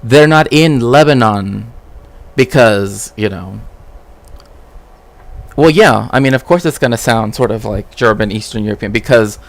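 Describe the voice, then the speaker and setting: A man's voice: medium pitch, unhurried, creaky, no room sound. A man streaming casual commentary as a cultural historian, rambling with frequent "right?" tags and restarts.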